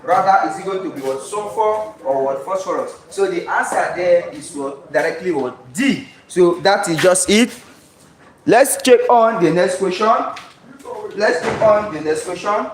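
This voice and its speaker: A man runs an exam-prep chemistry lesson, pausing again and again on a questioning "what?" so learners supply the answer. His voice sits high for a man and is caught from some distance from the mic. A heavy echo fills the room, with a faint background hiss. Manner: drills students with repeated call-and-response questions. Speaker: chemistry tutor. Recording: very echoey room, voice far from mic, faint noise.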